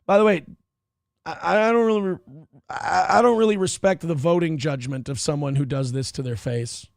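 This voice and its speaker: A man in his thirties hosting a live show, talking in a loud, brash, mocking way with sudden yelled outbursts. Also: a little high, moderate pace, creaky, no room sound, clean studio sound. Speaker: livestream show host. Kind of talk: crude casual livestream commentary.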